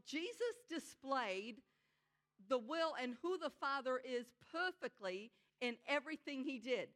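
A woman preaching a sermon in an earnest, conversational way, slowing down to stress her key points. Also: high-pitched, fairly bright tone. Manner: conversational asides with frequent "you know".

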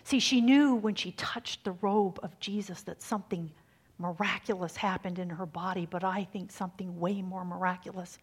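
Woman preacher, husky tone, shifts from hushed near-whispers to strong emphasis. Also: on the low side, fairly even intonation, normal speed. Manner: dramatic, swings from hushed to emphatic. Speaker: speaker giving a faith talk. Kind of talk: sermon.

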